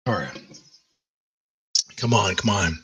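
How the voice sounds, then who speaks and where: A man's voice: on the low side, lively intonation, slow, fairly bright tone, slightly rough, distant mic, poor audio. A man hosting his own livestream, chatting casually in a loose, rambling way with plenty of swearing. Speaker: livestream host. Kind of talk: casual chat.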